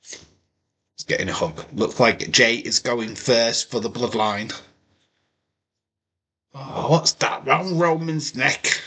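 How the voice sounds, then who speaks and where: Husky, bright-voiced man doing chatty commentary. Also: mid-range voice, takes it slowly, pauses often. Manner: joking, chatty, often breaks into impressions. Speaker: watch-along host. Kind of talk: casual live commentary over a wrestling show.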